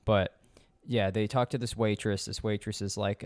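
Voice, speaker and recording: Male podcast host, low-pitched, dry close sound, swears casually and rambles through a sarcastic movie recap. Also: steady tone, normal speed, darkish tone, no echo.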